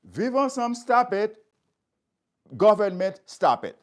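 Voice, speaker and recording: A man's voice: high-pitched, sing-song, measured pace. A man speaking straight to his viewers, stressing his points by repeating phrases. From Haiti. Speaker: community speaker. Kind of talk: impassioned address to viewers.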